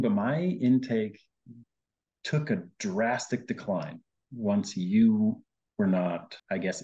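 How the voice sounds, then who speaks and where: A man with a low, mellow voice recalls his story in an easygoing, chatty way, often acting out what he said back then. The recording sounds a bit dull and muffled. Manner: chatty, quotes himself often, many fillers. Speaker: guest, host's husband. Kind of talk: casual conversational storytelling.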